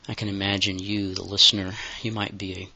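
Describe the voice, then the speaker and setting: A man giving a slow, deliberate solo monologue for his own audio show, in halting phrases that slip into breathy whispers. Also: low-pitched, little pitch movement, pushed and bright, dry recording, highs cut off. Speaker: audio podcaster.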